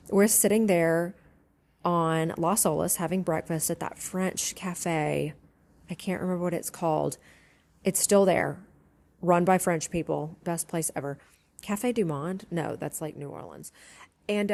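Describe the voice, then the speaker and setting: A woman's voice: lowish voice, a little slow, vocal fry, darkish tone. A woman, a former yacht stewardess now captain, casually telling a story to camera, chatty and laughing often.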